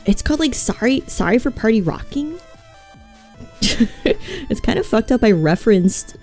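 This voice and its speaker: With a fairly high-pitched voice that still sounds scratchy and mellow, a female VTuber rambles across topics during a live stream, swearing liberally. She mocks herself casually, and soft music can be heard behind her.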